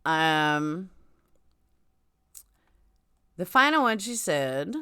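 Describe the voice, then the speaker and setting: A middle-aged New York woman hosts a casual livestream chat from her home, hopping from topic to topic in a blunt, talkative way. Her deep voice swings widely in pitch, with drawn-out words and a sharp, clear, resonant tone.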